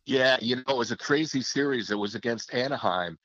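A retired hockey play-by-play announcer talks a little fast in a mid-range, fairly bright voice. Reminiscing in an interview, he tells reflective stories with frequent restarts, recorded in slightly muffled lo-fi audio with no echo.

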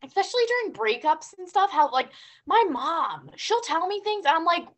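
A young woman co-hosting a podcast, telling stories and ranting in a casual, animated way, with lots of "like". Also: very high voice, normal speed. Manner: animated storytelling, ranting, heavy use of "like". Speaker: podcast co-host. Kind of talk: casual chat.

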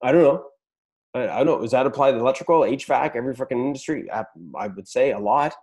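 Guy on a podcast, dark mellow voice, cursing a lot, pumping up business owners. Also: medium pitch, quick pace. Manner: blunt, swears a lot, pep-talk energy. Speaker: podcast host. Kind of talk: motivational business talk.

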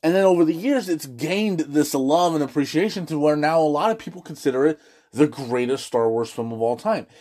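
Excitable man gushing about a movie. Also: on the high side, brisk. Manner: excitable, gushing, swears freely, lots of restarts. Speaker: movie review host. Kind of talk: casual movie review.

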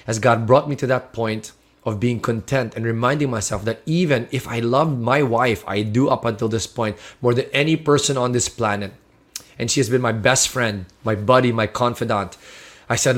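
A man's voice: mid-range voice, normal speed. A man preaching a sermon, sharing a personal testimony in an earnest, heartfelt way with frequent restarts.

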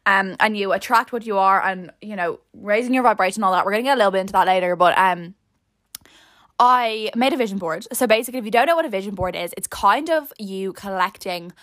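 A woman's voice: mid-range voice, quick pace, fairly bright tone, no room sound. A young Irish woman hosting a podcast, chatting casually and rambling through self-mocking stories. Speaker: podcast host. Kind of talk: casual chat.

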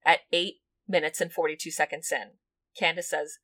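A woman's voice: low voice, fairly even intonation, normal speed, fairly bright tone. Woman reading a grim transcript. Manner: reads court transcript in a level, grave tone; casual, swears, blunt. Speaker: podcast co-host. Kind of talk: true crime podcast narration.

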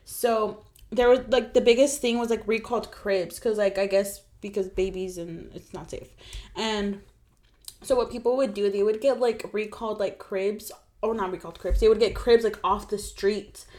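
A woman's voice: medium pitch, steady tone, moderate pace, darkish tone. A young woman co-hosting a podcast in casual chat, talking chattily about her old retail job. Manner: chatty, reacts with laughs and exclamations. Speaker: podcast co-host.

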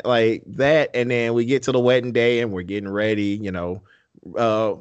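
Man, medium pitch, laid-back, slangy, laughs often, casual podcast host, slightly lo-fi sound.

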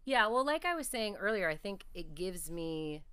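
A woman's voice: lowish voice, very animated, normal speed, a bit bright, smooth. A woman speaking as a podcast guest, telling reflective, earnest stories about her faith in a conversational interview.

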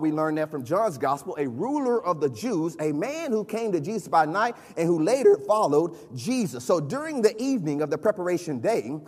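A man's voice: high voice, a little mellow. A man preaching a sermon, emphatic, driving his points home by repeating phrases. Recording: long reverb of a large hall.

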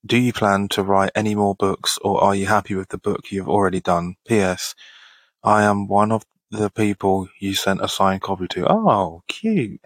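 A fairly low-pitched man of about thirty runs a casual podcast where he answers listener questions he reads aloud. He keeps it easygoing, laughing a lot and cursing now and then, and the recording has no echo.

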